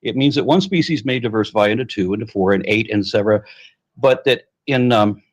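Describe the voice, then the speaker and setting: Male debater, measured, academic, husky voice, lowish pitch. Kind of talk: debate argument.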